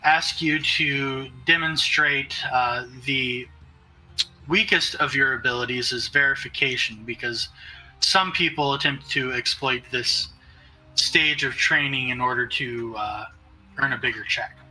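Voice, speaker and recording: A man narrating as game master in a tabletop game, relaxed and halting, with many fillers. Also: medium pitch, faint music behind, low-quality recording.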